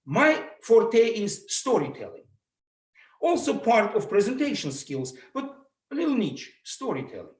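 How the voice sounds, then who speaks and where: A middle-aged man with a heavy Russian accent gives an animated motivational talk, his fairly high voice swinging widely in pitch. He acts out the lines he quotes. The sound carries an echoey room. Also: unhurried. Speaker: motivational speaker. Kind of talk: public speaking talk.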